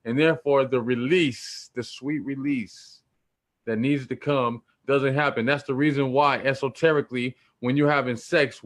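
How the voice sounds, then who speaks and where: A man's voice: medium pitch, fairly bright tone. A man teaching about spirituality in a loose, slangy, preachy way, repeating points for emphasis. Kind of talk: casual spiritual teaching talk.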